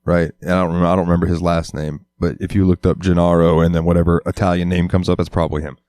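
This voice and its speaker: A man's voice: flat delivery, rapid-fire, a little mellow, no room sound, studio quality. A man co-hosting a casual podcast on a headset mic, laughing and swearing as he jokes around. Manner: laughing, swearing, breaks into silly high-pitched impressions. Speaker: podcast co-host. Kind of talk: casual chat.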